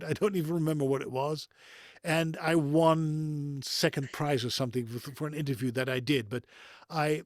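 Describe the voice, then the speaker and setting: A man's voice: on the high side, no echo, clean studio sound. A middle-aged man from the Netherlands with a neutral European English accent, chatting as a voice-actor guest over a video call in a chatty, digressive way. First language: Dutch. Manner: chatty and digressive, chuckles between thoughts. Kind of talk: conversational interview.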